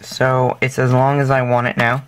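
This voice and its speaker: A man's voice: mid-range voice, completely flat delivery, normal speed, background noise. A man hosting a casual step-by-step craft tutorial, talking loosely with lots of fillers and self-corrections, and dropping jokey, self-deprecating asides.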